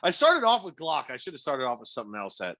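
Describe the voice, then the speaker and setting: A man co-hosting a podcast, tossing in quick jokes and interjections. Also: fairly high pitch, wildly swooping pitch, pushed and bright. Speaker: podcast co-host. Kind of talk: casual podcast banter.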